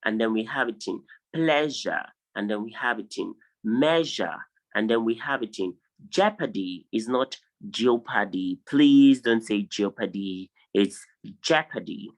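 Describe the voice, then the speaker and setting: A man teaching an online phonology lesson on a video call, drilling each word slowly and insistently correcting pronunciation. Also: mid-range voice, low-quality recording. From Nigeria. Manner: drills words, repeating them slowly for students. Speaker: English tutor.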